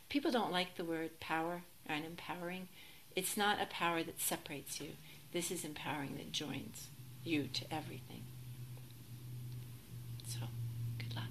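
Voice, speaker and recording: A woman teaching as a Zen teacher in a relaxed, reflective dharma talk, gently self-deprecating and sometimes laughing. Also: lowish voice, slight background noise, low-quality recording.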